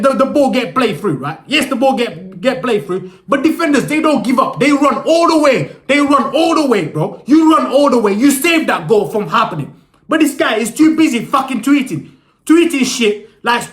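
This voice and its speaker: Angry young guy ranting bout football, swears nonstop, stutters n repeats himself, sounds real high, room echoes. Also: a bit bright. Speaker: football fan vlogger. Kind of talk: angry fan rant.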